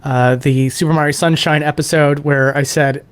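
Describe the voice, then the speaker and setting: A man tells fond stories about past podcast episodes. He sounds animated and nostalgic, and the recording is dry with little room sound. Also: fairly high pitch, normal speed, clear, resonant tone, no echo. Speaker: podcast guest. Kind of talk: casual podcast chat.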